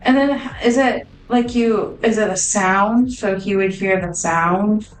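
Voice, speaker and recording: A woman's voice: mid-range voice, unhurried, roomy sound, rough recording. A woman player at a tabletop game, chatting in a rambling, hesitant way. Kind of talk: casual chat at a tabletop game.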